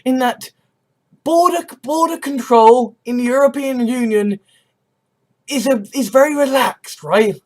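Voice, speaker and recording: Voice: sits high, a little slow, a little mellow. An English-accented speaker holds forth in a fiery monologue. The delivery is blunt and full of swearing. Short tag questions like "right?" and "you know?" keep coming up. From England. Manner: heated and profane, often asks "right?" or "you know?". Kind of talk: impassioned spoken rant.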